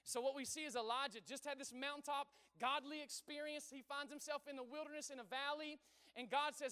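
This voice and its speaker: A man's voice: very high-pitched, fairly even intonation, fairly quick, bright, forceful tone, big-room sound. A man preaching a sermon in a church, talking conversationally, asking the congregation questions and repeating his phrases. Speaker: pastor.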